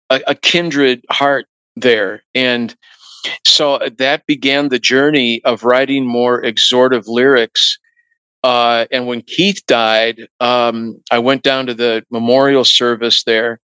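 Man, middle-aged, bright tone, dry close sound, storytelling interview guest. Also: mid-range voice, slow pace, smooth, dry recording, poor audio. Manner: relaxed anecdotal, acts out quoted voices. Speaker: guest musician.

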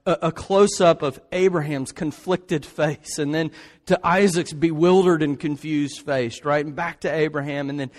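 A man's voice: fairly high pitch, fairly even intonation, moderate pace. Man, preacher, emphatic sermon, rhetorical asides, large church sanctuary, reverberant hall.

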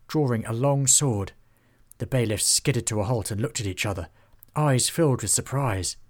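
A man narrating a children's fantasy storybook in a steady, even manner. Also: medium pitch.

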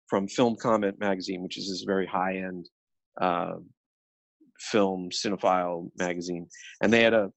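A middle-aged man co-hosting a film podcast, talking in a casual, animated way with many restarts and quoted asides. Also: deep voice, creaky, no echo. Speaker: podcast co-host.

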